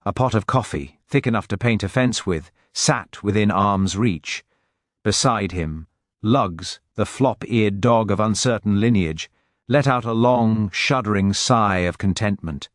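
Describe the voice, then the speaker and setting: A man reading a mystery story aloud in steady, scripted narration. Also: fairly low pitch, a little slow, dry recording, clean studio sound.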